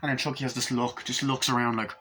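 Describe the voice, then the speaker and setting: A man reviewing a horror film in a loose, excited ramble, peppered with swearing. His voice is bright and forward, at an ordinary male pitch. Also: fast talker, a little hiss or hum. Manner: excited, profane, rambling scene recap. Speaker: movie reviewer. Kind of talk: casual movie review.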